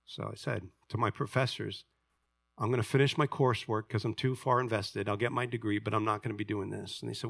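A man in his sixties, a pastor, preaching a sermon and telling personal stories, moving between loud emphatic reading and quiet confiding asides. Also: lowish voice, fairly even intonation, a little fast, creaky, husky, dry recording, clean studio sound. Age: 60s.

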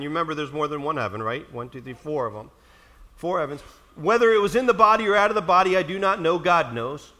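A man preaching a sermon, walking through scripture and reading passages aloud with slow emphasis. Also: high-pitched, sharp tone. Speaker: pastor.

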